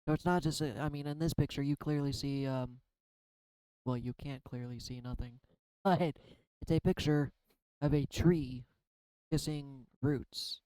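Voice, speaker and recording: A man's voice: mid-range voice, fairly even intonation, a little slow, warm tone, smooth, dry recording, rough recording. A man rambling through a spiritual card reading in a casual, confessional vlog, often self-deprecating. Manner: tearful at times. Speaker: tarot card reader.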